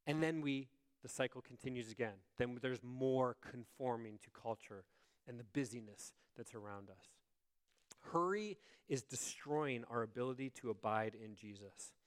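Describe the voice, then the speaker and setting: A man's voice: medium pitch, moderate pace, clean tone. A man preaching a sermon in a conversational way, often checking in with his listeners. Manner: conversational, asks the congregation "right?". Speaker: pastor.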